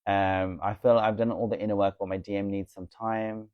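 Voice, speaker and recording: A man hosts a casual spiritual live stream, picking up viewers' comments and answering each one in a confident, coaching tone. His voice sits somewhat low and sounds dry and close, as if recorded at home with no room sound. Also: level tone, moderate pace, clear, resonant tone, no echo, highs cut off. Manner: chatty, reads viewer comments aloud and answers them.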